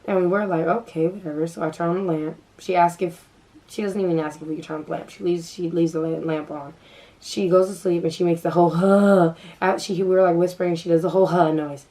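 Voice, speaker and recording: A woman's voice: on the low side, fairly even intonation, fast talker, warm tone, recorded from a distance, rough recording. A young woman vlogger telling a story in casual chat, full of fillers and restarts.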